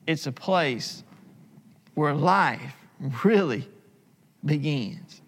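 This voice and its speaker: A man preaching a sermon, emphatic and repetitive, slowing for dramatic pauses. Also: on the high side, animated, fairly bright tone. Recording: long hall reverb.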